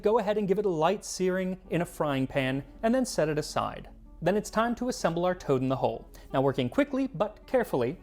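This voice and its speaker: Man, cooking history host, scripted narration, animated pitch, playful asides, soft music underneath.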